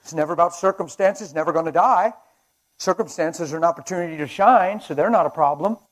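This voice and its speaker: Fiery high-voiced male preacher. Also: a little fast. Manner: impassioned, swinging between shouts and hushed asides; laughs and chats with the audience. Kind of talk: fervent sermon. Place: men's breakfast at a conference.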